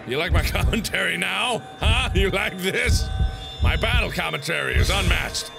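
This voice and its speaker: A man hosting a let's play of a horror game, excitable, swearing, yelling and mock-taunting. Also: on the high side, normal speed, creaky. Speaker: gaming video host. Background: game music.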